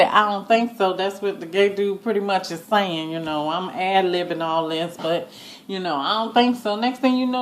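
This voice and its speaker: A woman's voice: on the high side, slight background noise. Chatty woman recapping a TV episode. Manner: chatty and animated, shrieking with laughter at the twists; gives each line of dialogue in passing. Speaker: TV recap vlogger.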